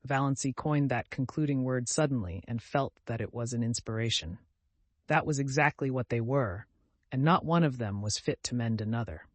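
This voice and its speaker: A man narrating an audiobook in a steady, measured reading voice. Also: medium pitch, dry recording. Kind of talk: scripted narration.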